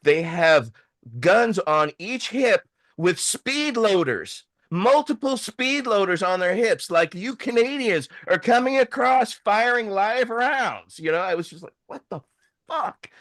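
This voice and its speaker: Animated man telling a story. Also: high voice, measured pace. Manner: animated, swearing, acts out quoted voices. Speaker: host. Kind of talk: casual storytelling.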